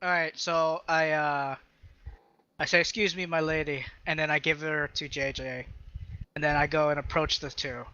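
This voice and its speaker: A man's voice: fairly high pitch, flat delivery, normal speed, sharp tone, smooth, lo-fi sound. A man playing a tabletop game, brash and joking with his group. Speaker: player. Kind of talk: casual tabletop game play.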